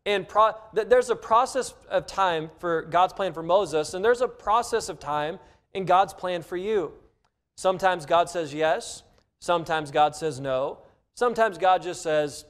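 Male pastor, higher-pitched voice, earnest sermon delivery with emphatic quotes. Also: unhurried. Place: church sanctuary.

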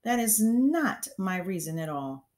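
A woman voicing a gentle young teacher who pleads earnestly for her pupil, read from a storybook. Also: mid-range voice, sing-song, unhurried, voice pushed up. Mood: earnest, pleading. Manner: pleading, raised and urgent.

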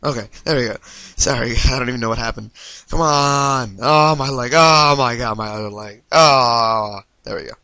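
A man hosting a let's-play video, reacting excitably and swearing when things go wrong. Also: mid-range voice, moderate pace, dry recording. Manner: excitable, yelps and swears at mishaps. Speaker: gaming video host.

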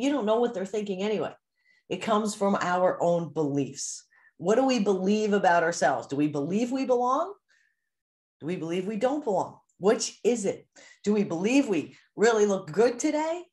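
An animated woman coach teaches her course group in a mid-pitched voice. She talks it through plainly and acts out the inner voices people hear in everyday moments. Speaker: mindset coach for golfers.

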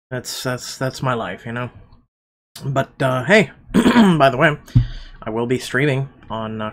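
A young man who is sick and congested, chatting casually to his viewers and clearing his throat often. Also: mid-range voice. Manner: keeps clearing his throat, rambling with fillers. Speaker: YouTuber reading a story game.

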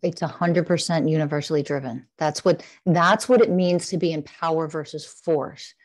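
Low-voiced woman guiding a meditation. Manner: slow, soothing guiding cadence with repeated affirmations. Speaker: guest, spiritual teacher. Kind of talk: guided heart-centered meditation coaching.

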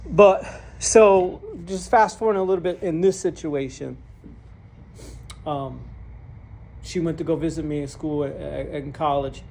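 Guy telling his testimony in a sermon, kinda gravelly voice, earnest, repeats himself a lot, little bit of room noise. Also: fairly high pitch, a little slow, mellow. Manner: earnest and candid, repeating words as he restarts; self-deprecating, laughs at his own story. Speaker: preacher sharing his testimony.

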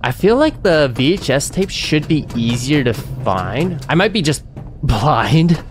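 A man streaming a horror game from his desk mic, thinking out loud at an unhurried pace. His pitch leaps all over as he yelps and laughs nervously, with faint music playing behind him. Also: sing-song. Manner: talks to himself, panicky yelps and nervous laughs. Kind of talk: let's-play commentary.

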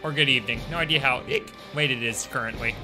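A man's voice: mid-range voice, quick pace, music in the background, close to an everyday voice. A man voicing a boastful drunk male soldier in a video game, slurring and hiccuping. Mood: tipsy, boastful.

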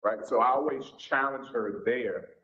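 An unhurried, medium-pitched voice with a fairly bright tone belongs to a forties-aged pastor with a Southern accent, teaching a church seminar in a folksy, easygoing manner. The sanctuary recording has a dull, echoing sound.

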